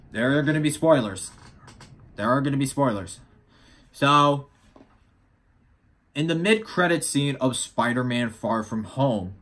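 A man's voice: mid-range voice, a bit bright. A teenage boy vlogging casually about upcoming films, rambling with frequent restarts. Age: teens. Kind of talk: casual vlog commentary.

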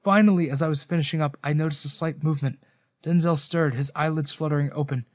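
A man reads a first-person romance story with earnest, emotional delivery. His voice sits a little higher than most men's. The recording is dry and close, with no room echo. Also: steady tone, quick pace.

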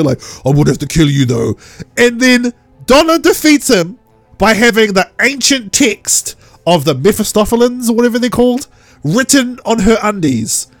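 A man hosting a casual podcast, excitable and laughing often as he retells scenes and acts out quotes. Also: high voice, no echo. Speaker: podcast host.

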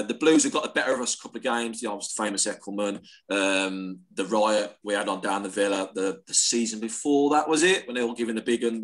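A man's voice: fairly low pitch, a bit bright. A man in a casual chat, blunt and to the point. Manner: blunt, short statements. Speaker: podcast guest.

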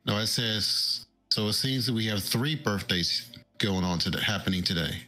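A man talking casually with other players over voice chat, relaxed and matter-of-fact. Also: on the low side, normal speed, faint music behind. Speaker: fellow streamer on voice chat. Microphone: voice chat over the stream.

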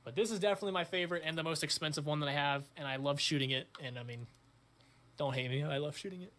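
A young man hosting his own channel, chatting casually in a crude, excitable way, swearing often. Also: a little high, fast. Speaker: channel host. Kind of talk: casual vlog chat.

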